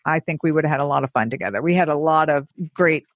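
A woman's voice: low voice, quick pace, dry recording, lo-fi sound. A woman casually telling a long dating story, acting out both sides of the conversation.

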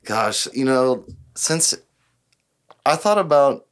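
A young man hosts a loose podcast conversation, full of teasing jokes and rambling asides. His voice sits at an ordinary middle pitch for a man. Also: expressive, slow pace, a little hiss or hum. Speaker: podcast host. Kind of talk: casual chat.

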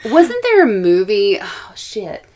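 A woman's voice: mid-range voice, huge pitch swings, takes it slowly, darkish tone. A woman co-hosting a podcast in casual chat, blunt and outspoken, swearing freely. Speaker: podcast co-host.

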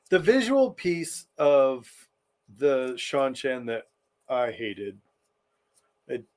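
A man's voice: mid-range voice, very animated, drawn-out words, a little mellow. A man co-hosting a podcast in casual chat, blunt and opinionated. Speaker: podcast co-host.

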